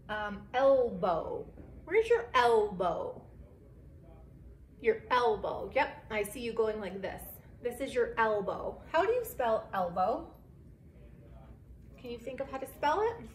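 A woman teaching a phonics lesson to second graders, speaking slowly and clearly with lots of encouragement and spelling words out letter by letter. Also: on the high side, animated. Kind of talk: remote phonics lesson for children. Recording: echoey room, faint background hiss.

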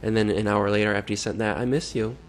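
A man's voice: lowish voice, level tone, fast talker, soft background music. A man reading chat messages aloud and adding exasperated, sarcastic comments between them. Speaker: online predator-baiting vlogger.

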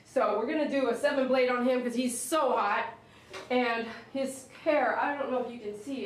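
A woman chatting emotionally with viewers during a live stream while she grooms a dog in her shop. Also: normal speed. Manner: emotional, chatty, talks to dogs in a high coaxing voice. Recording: echoey room, mic at a distance, faint noise.

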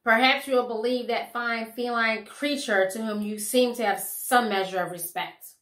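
A boastful storybook fox with grand, wordy speech, as a woman reader puts him on. He swings between puffed-up pride and pleading. His voice is bright and sharp, and it rings in an echoey room. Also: sits high, very animated, unhurried, voice pushed up, heavily acted. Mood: stiff. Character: boastful pompous male fox.

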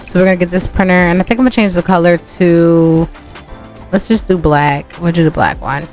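A woman with a low-pitched voice chats casually as she plays through a life-sim game, cursing freely and talking straight to her viewers. Faint game music runs underneath her commentary. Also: a little fast, darkish tone. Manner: chatty, profane, talks to viewers as "y'all". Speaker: gaming channel host.

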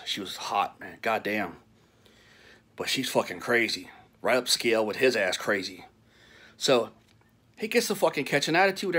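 A man's voice: mid-range voice, fairly bright tone. A middle-aged man telling a story in a casual, rambling way, full of swearing and frequent laughter. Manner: profane, rambling, laughs often.

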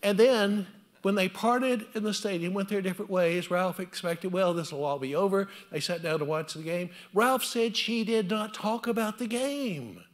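A man's voice: high voice, moderate pace. A male pastor giving a sermon in a chapel, telling stories and asking repeated rhetorical questions. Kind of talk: sermon with storytelling.

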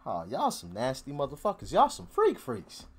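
A man hosting a music reaction, casually commenting in an animated, profane way, laughing often and swinging between loud outbursts and low mutters. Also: normal speed, slightly rough.

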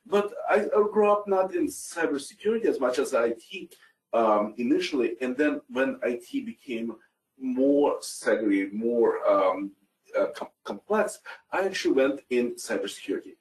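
A man's voice: medium pitch, lively intonation, moderate pace. Russian-accented man, roomy and distant. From Ukraine. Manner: conversational with frequent fillers and self-corrections. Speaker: conference speaker. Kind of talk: conference talk. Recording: roomy sound, distant from mic.

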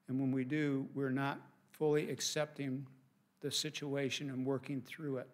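A man's voice: medium pitch, flat delivery, normal speed. A middle-aged man, a pastor, preaching a sermon from the pulpit in an earnest, conversational way with casual asides. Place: church sanctuary.

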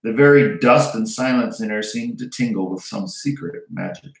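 A male teacher reading a novel aloud to his students in a steady, unhurried way. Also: fairly low pitch, creaky. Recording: roomy echo.

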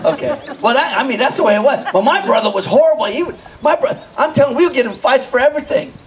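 An animated male stand-up comedian with a high voice tells a story live. He laughs often, acts out scenes and keeps asking the crowd questions. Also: fast talker, low-quality recording.

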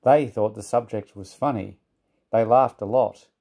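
A man reading a children's storybook aloud in a calm, even manner. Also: on the low side, a little slow, creaky.

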